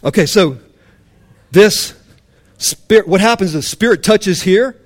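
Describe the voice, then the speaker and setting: A man preaching a sermon to a congregation with impassioned emphasis that drops to hushed intensity. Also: sits high, lively intonation, unhurried. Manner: mock-indignant voice for a legalist's complaint.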